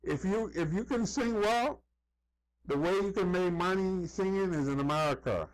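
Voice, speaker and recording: A man's voice: high voice, normal speed, no room sound, poor audio. Chatty man with a dry close voice. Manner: chatty, often checks in with listeners with "you know?" and "you see?". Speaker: vlogger. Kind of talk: casual commentary to camera.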